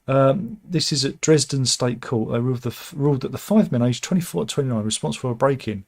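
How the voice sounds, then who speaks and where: A man's voice: medium pitch, a little mellow. A man from the UK, hosting a casual news chat, reading out headlines with wry, sarcastic asides and frequent restarts.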